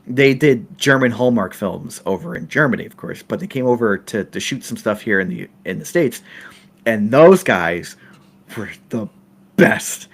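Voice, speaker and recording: A middle-aged man hosting a podcast, telling a film-set story in a casual way, laughing and restarting his sentences often. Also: medium pitch. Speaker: podcast host.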